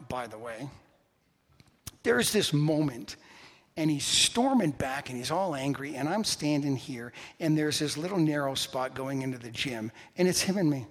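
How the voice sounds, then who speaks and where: A male pastor preaching a sermon, telling a personal story with animated swings between loud and hushed delivery. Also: on the high side. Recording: reverberant church hall.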